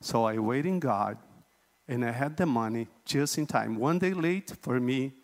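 A man's voice: mid-range voice, expressive, measured pace. A man giving his testimony in a church service, talking earnestly and correcting himself as he goes. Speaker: congregation member giving testimony. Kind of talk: spoken testimony.

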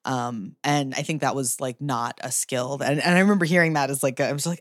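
A woman's voice: very deep voice, fairly even intonation, brisk, hardly any pauses, no echo. Chatty laughing woman, dry close mic. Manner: chatty, laughing, many fillers and restarts. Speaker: podcast guest. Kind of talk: casual interview chat.

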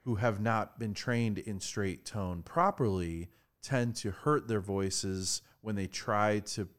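A man's voice: on the low side, takes it slowly, smooth. A man co-hosting a live podcast from a studio, chatting in a playful way. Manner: playful, breaks into sung snippets. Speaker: podcast co-host. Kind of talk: casual chat.

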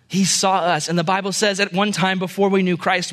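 A man's voice: high-pitched, normal speed, hardly any pauses. A young man preaching a casual sermon, telling a long joke and acting out the characters before turning to the message. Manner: animated storyteller voicing characters. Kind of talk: sermon with storytelling.

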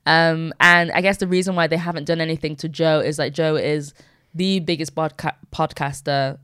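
A woman's voice: sits low, fairly even intonation, moderate pace, fairly bright tone, smooth, no echo, clean studio sound. A young woman co-hosting a podcast, chatting casually and bluntly, swearing freely and trailing off into fillers. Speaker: podcast co-host. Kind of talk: casual chat.

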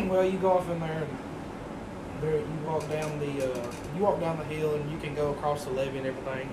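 A man telling a long rambling story in casual, profane podcast chat. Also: on the high side. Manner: rambling, profane, swears often. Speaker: podcast co-host. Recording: echoey room, mic at a distance, audible background hiss.

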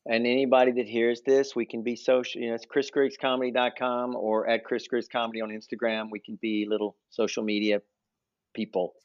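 A man's voice: mid-range voice, a little fast, no echo. Laid-back man from Memphis, dull dry audio. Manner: relaxed, laid-back, laughs easily. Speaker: improv teacher and comedian guest. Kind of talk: casual interview chat.

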